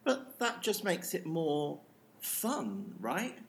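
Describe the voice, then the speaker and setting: A woman's voice: sits low, very animated, slow pace, full character voice. A woman playing a nervous, puzzled new actress in a comedic audio play, always asking questions.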